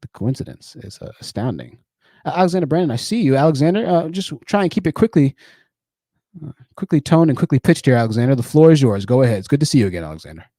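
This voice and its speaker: A man's voice: mid-range voice, big pitch swings, fast, warm tone, no echo, clean studio sound. A man hosting a live-streamed call-in show, combative and sarcastic, often repeating phrases for emphasis. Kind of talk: live stream commentary with callers.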